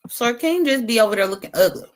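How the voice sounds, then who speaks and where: In a slightly high voice and at a fast clip, a woman livestreamer munches a lemon on stream and dishes out brash, casual trash talk, animated, taunting and cursing.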